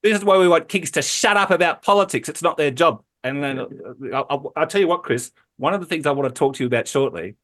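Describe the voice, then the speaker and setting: A man's voice: on the high side, fast, hardly any pauses, a bit bright. A man, a politician, speaking emphatically as a radio interview guest, repeating words and checking in with "okay?".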